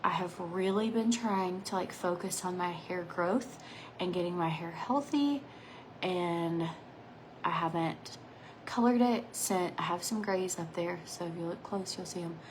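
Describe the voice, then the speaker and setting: Woman vlogger, thirties, rambling chat, soft trailing whispers, close mic, faint hiss. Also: on the low side, unhurried, low-quality recording. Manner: rambling and chatty, drifting between asides; often drops to a soft near-whisper at phrase ends. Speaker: makeup vlogger. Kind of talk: casual chatty makeup vlog.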